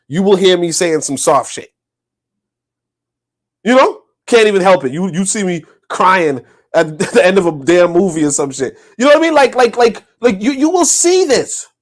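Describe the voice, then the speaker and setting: A man co-hosting a livestreamed podcast, talking in a loose, profane, animated way and laughing often. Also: high-pitched, moderate pace. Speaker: podcast co-host. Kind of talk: casual livestream chat.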